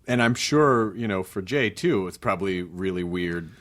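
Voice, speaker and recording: A man's voice: deep voice, animated, moderate pace, fairly bright tone. A man hosting a podcast, chatting casually with a playful, eager manner and frequent laughs. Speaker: podcast host.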